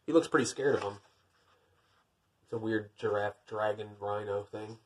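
A man's voice: on the low side, moderate pace. A man reading a picture book aloud, breaking off for dry, wry, self-deprecating jokes between the pages. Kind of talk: storybook reading with joking asides.

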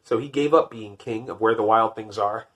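A man reading a picture book aloud, lifting his voice for the narration and dropping to wry, deadpan jokes in between. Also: moderate pace, slight background noise. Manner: wry, deadpan joking asides; rises for narration, drops low for asides. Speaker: podcast host.

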